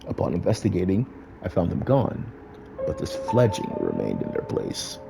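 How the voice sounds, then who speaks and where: A man voicing a calm, formal vampire sheriff in a game, with a deep, soft-spoken, half-whispered delivery. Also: gravelly, exaggerated voice. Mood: composed. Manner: soft-spoken, measured, courtly. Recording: faint music behind.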